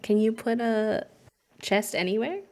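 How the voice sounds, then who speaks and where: A woman streamer giving casual live gaming commentary, giggly, slangy and excitable. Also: fairly high pitch, unhurried.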